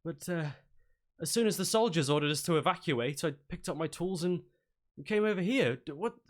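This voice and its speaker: A rattled stonemason voiced by a man tripping over his words in a raised, higher voice. He sounds bewildered and a bit indignant. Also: lively intonation, a little fast, lightly acted. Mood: flustered. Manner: stammering, flustered. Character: flustered male human stonemason in apron.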